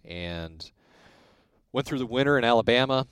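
Speaking at normal speed with a medium pitch, this man has a clear, resonant tone, captured in a dry recording. He's an Illinois guest in a laid-back storytelling conversation, recalling his career and lively acting out the dialogue of those he quotes.

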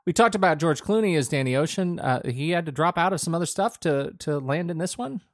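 Playful man with a lively voice. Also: on the high side, fairly quick, no echo, studio quality. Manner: playful, teasing, prompts the other host. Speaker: podcast co-host. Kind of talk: casual film discussion.

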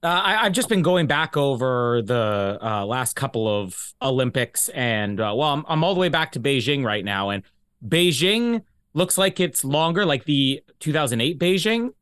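A man from Canada co-hosting a podcast, talking slowly and hesitantly as he works through his thoughts. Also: mid-range voice, lively intonation, fairly bright tone, smooth, no echo, studio quality. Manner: hesitant, thinking aloud, slow. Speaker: podcast co-host. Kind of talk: casual podcast chat.

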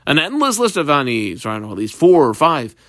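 A man's voice: a little high, very animated, fast, a bit bright, no echo, studio quality. A man teaching a Talmud page step by step, mixing Aramaic and Hebrew terms into plain English explanation. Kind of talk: page-by-page Talmud study lesson.

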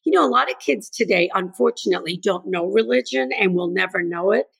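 Her pitch is medium and her pace brisk, with lively intonation, vocal fry and a breathy edge. She's an older woman, grandmother and educator, earnestly taking part in a conversational interview and voicing the things children and parents say.

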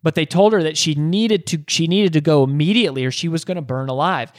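A man's voice: fairly high pitch, fast talker, no echo, studio quality. A man hosting a podcast, telling a motivational story with repeated phrases and rhetorical questions. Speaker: podcast host.

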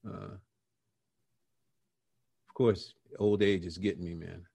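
A middle-aged man, a jazz musician being interviewed, telling stories about his early career in a lively, conversational way and acting out the voices he quotes. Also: low-pitched, slow, creaky, slightly rough, no room sound. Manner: animated storyteller who acts out quoted voices.

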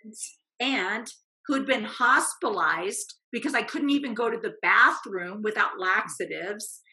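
A woman telling a personal faith testimony as a guest, animated and acting out the voices in her quotes. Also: mid-range voice, unhurried, poor audio.

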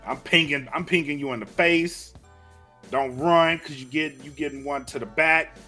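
A man's voice: a little high, steady tone, moderate pace, bright, forceful tone, faint music behind. A man co-hosting a podcast in casual chat, boastful and joking, repeating his lines for laughs. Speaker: podcast co-host.

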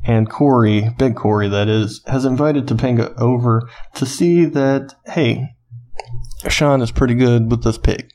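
A man's voice: mid-range voice, unhurried, a little mellow. A man co-hosting a podcast, recapping a TV episode in loose casual chat, laughing often and swearing. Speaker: podcast co-host.

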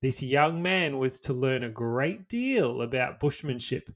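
A man's voice: mid-range voice, expressive, measured pace, a bit bright. Australian man reading a history tale. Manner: storytelling read with swearing asides. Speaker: podcast co-host. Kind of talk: reading a history story aloud, with casual banter.

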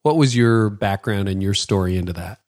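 Man, Canadian accent, podcast host, enthusiastic, low voice, dry sound. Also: moderate pace, a little mellow, no echo. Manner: enthusiastic, conversational. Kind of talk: ad reads and interview.

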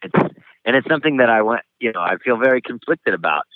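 A man speaking frankly and reflectively as an author being interviewed, pausing often as he talks. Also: mid-range voice, lively intonation, dry recording. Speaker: author and guest. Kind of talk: candid interview conversation. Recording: tinny phone-like line, dry.

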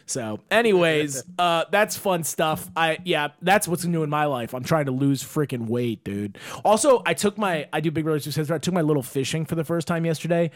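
Animated young man telling stories. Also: fairly high pitch, moderate pace, few pauses, no echo, studio quality. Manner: animated storyteller, swears freely, acts out quotes. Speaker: podcast host. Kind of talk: casual chat.

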